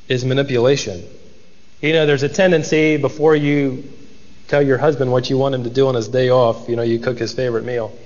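A man's voice: medium pitch, darkish tone, big-room sound, highs cut off. A married man preaching a sermon, reading scripture aloud dramatically and voicing its characters. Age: adult, married. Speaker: pastor.

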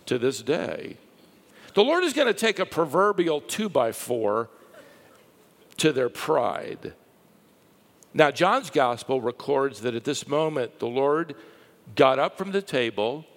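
A man preaching a sermon, telling stories with lively rises and a hushed drop for the quiet parts. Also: medium pitch. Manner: lively storytelling, dropping to a hush for quiet lines. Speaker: pastor. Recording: long hall reverb.

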